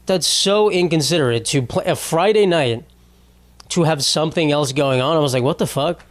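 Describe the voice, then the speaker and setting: A man's voice: a little high, moderate pace, no room sound. Exasperated rambling young man, dry close sound. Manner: rambling, exasperated, swears a lot, many restarts. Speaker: podcast host. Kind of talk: unscripted comedic solo podcast rant.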